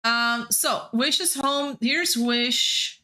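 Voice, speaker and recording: A woman's voice: fairly high pitch, extremely slow, pushed and bright. A woman giving live game stream commentary, chatty and playful as she thinks aloud.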